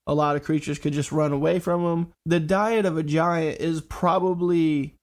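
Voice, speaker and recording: A man's voice: a little high, fairly even intonation, moderate pace. Congested man musing on reaction clips. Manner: easygoing, musing aloud with small laughs. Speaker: reaction video host. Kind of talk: casual reaction commentary.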